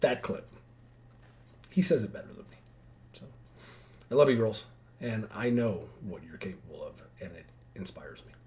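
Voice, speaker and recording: A man's voice: fairly low pitch, lively intonation, normal speed, long pauses, a little mellow. A man talking to his daughters in an emotional vlog monologue, heartfelt and rambling, with frequent restarts. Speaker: father addressing his daughters.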